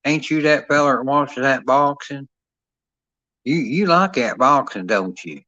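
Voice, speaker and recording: A man's voice: medium pitch, measured pace, pushed and bright, no echo, pitched above the performer's own voice. A man voicing a folksy, simple rural hick who drawls and repeats himself. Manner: drawling, repetitive country talk. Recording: dull lo-fi sound.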